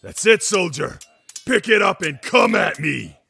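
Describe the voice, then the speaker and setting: An actor playing a gruff male elf army commander in an audio drama, with a deep, gravelly voice, barking loud orders. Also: brisk, soft background music. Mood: taunting.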